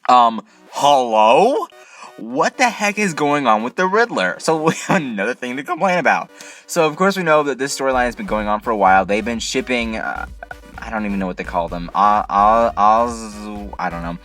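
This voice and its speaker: Male vlog reviewer, bright edgy voice, lively exasperated rant, soft music underneath. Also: lowish voice, fairly quick. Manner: exasperated, incredulous complaining with many rhetorical questions. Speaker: TV episode reviewer, channel host. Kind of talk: casual ranting review.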